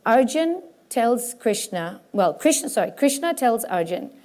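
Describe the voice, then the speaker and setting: Animated woman speaking to a crowd. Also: fairly high pitch. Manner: animated, self-mocking, breaks into quick voices for examples. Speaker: speaker at a spiritual conference. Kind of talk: lively talk to a live audience. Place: stage before a large audience.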